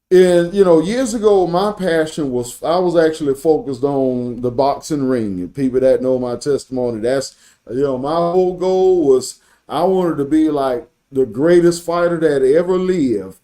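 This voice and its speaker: Preachy man with a mellow voice. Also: on the high side. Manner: preachy, repeats and restarts words, quotes scripture. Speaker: podcast host and Christian business coach. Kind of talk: sermon-like motivational talk.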